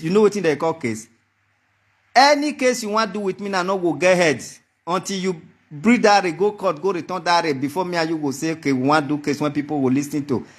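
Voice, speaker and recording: A man with a Nigerian accent giving a heated monologue to the camera, taunting and mocking, repeating his threats over and over. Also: high voice. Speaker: vlogger.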